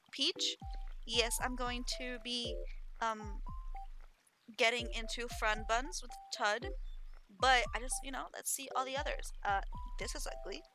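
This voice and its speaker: A woman streamer chatting casually through a video game, giggly and easily excited by cute things. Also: on the high side. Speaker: gaming streamer. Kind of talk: casual let's-play commentary.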